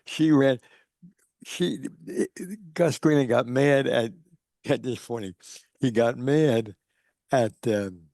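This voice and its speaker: An older man with a gravelly, mellow voice spins anecdotes over a video call. He slips into the voices of the people in his stories as he goes. The sound is close and dry. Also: mid-range voice, takes it slowly, long pauses, no echo. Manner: acts out quoted people while telling stories. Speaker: guest speaker. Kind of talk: anecdotal storytelling.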